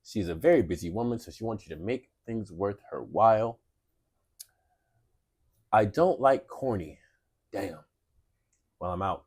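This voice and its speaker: A man with a fairly low voice that swings widely up and down as he talks. He co-hosts a casual comedy podcast, sarcastic and dry as he picks apart dating profiles line by line. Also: expressive, a little slow, pauses often, a little mellow. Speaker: podcast co-host.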